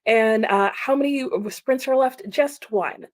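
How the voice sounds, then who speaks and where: A woman's voice: fairly high pitch, a little slow, no room sound, clean studio sound. A woman hosting a casual livestream, chatting about chat comments with frequent laughs and lots of "like" fillers.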